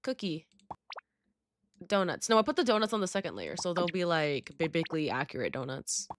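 A low, sing-song voice belongs to a young woman, a gaming YouTuber offering casual commentary as she plays. She talks fairly quickly, with bubbly drama, plenty of slang and sudden squeals, and there's a little hiss or hum in the recording.

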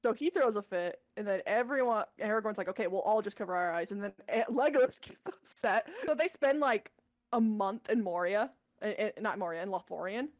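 A woman's voice: mid-range voice, expressive, normal speed, no room sound, muffled recording. Woman retelling a fantasy plot, rambling. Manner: rambling, many fillers and self-corrections. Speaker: podcast co-host. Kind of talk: casual chat, retelling a book plot.

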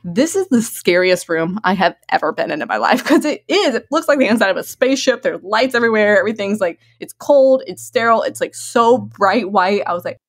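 A woman telling a personal story in a casual, chatty way, laughing often and filling her talk with "like", her voice jumping up high when she gets excited. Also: a little fast, few pauses. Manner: animated, swings into high excited tones. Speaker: guest sharing her birth story.

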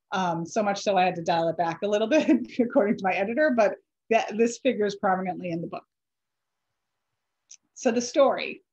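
A woman author giving a chatty slide presentation, pausing with ums and correcting herself, her voice a little dry from allergies. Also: mid-range voice, a little mellow, lo-fi sound. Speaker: author giving a library talk.

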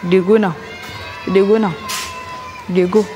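A young woman tells her story in West African pidgin English, haltingly and without polish. Her pitch sits in the middle of a woman's range. She acts scenes out as she speaks, and faint music plays behind her. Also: fairly even intonation, dark tone, a faint crowd. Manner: halting, plain-spoken, re-enacts scenes aloud. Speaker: former child soldier giving testimony. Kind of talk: personal testimony.

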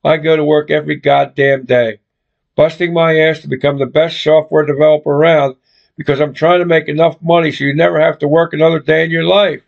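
Guy reading an evasive defensive boyfriend, gravelly, kinda high, muffled lo-fi audio. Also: level tone, a little fast. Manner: dismissive, defensive. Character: evasive, defensive man, a software developer. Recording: dull lo-fi recording.

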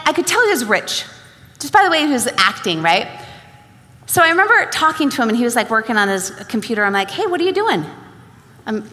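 A young woman tells stories from a stage, bringing each exchange of dialogue to life. Her high voice rises and falls widely. A large hall gives her words a long reverb. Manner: animated storyteller acting out dialogue. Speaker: speaker at a sales event. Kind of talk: motivational stage talk.

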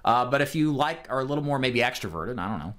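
A male sales trainer talks a group through phone technique in a direct, emphatic coaching manner. His voice sits at an ordinary middle pitch for a man, and his delivery is loose and conversational, full of fillers. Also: expressive, fast, fairly bright tone. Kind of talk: instructional talk to a group.

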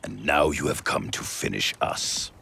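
An actor playing a stern male warrior leader in a video game cutscene, with a deep, raspy voice and a grave, distrustful manner. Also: a little slow, pushed and bright, exaggerated voice.

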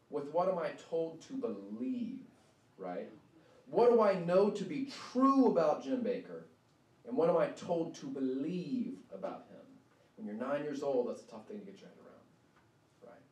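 A male author with a medium-pitched, darkish voice gives a conversational public talk in a university event hall, often asking "right?". The echoey hall is picked up by a distant mic with faint noise.

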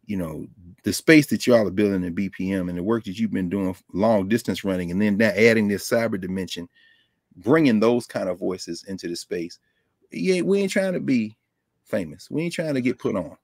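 A man guest on a live video call, telling stories in a casual, animated way, laughing often. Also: on the low side, moderate pace, no echo, studio quality. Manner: animated, loose, laughs often, drops into quoted voices. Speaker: guest scholar. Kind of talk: casual conversational storytelling. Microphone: desk microphone on a video call.

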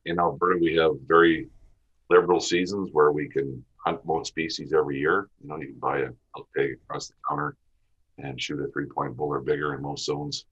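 A man's voice: a bass voice, little pitch movement, brisk, a bit bright, slightly rough. A man from Western Canada with a Canadian accent, a podcast guest talking about hunting in a plainspoken way. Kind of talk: casual interview talk. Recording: dull lo-fi audio.

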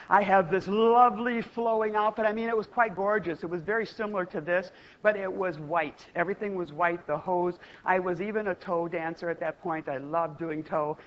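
A woman from Iowa telling a comic story as a keynote speaker on stage, playful and theatrical. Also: mid-range voice. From Iowa, USA. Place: stage before a live audience. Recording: dull, muffled lo-fi recording.

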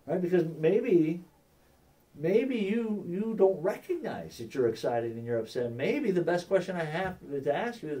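A man leads a church class on sharing faith, with a dark, mellow voice that sits a little high for a man. He talks conversationally and keeps asking the class if they follow. He acts out short quoted exchanges, and he is picked up from a distance in the room. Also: animated, normal speed. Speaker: class teacher.

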